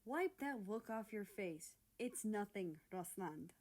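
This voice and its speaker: A woman's voice: medium pitch, expressive, slow pace, a little mellow. A woman voicing a flustered, embarrassed young man brushing off his family's fussing, in a fan fiction reading. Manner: flustered, exasperated.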